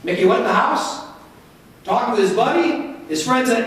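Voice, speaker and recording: A man pastor preaching a sermon, telling stories with lively swings in pitch and loudness. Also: normal speed, pauses often. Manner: animated storytelling with wide swings in pitch and loudness. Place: church sanctuary. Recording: very echoey church, from far off.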